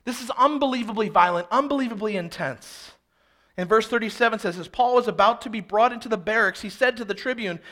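A man preaching an expository sermon, reading scripture aloud and then explaining it with animated, dramatic emphasis. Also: high voice, brisk. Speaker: pastor.

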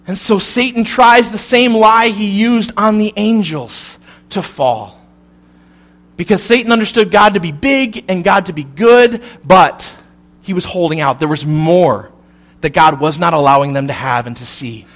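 A man preaching a sermon, telling the story with humor and dropping to a soft, serious tone at key points. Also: sits high, normal speed. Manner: animated, humorous storytelling with sudden drops to soft intensity. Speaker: pastor.

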